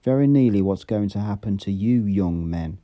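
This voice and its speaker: A man's voice: on the low side, normal speed, lo-fi sound, lightly acted. A man voicing a dry, sarcastic, world-weary middle-aged ruler in an audiobook reading. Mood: measured.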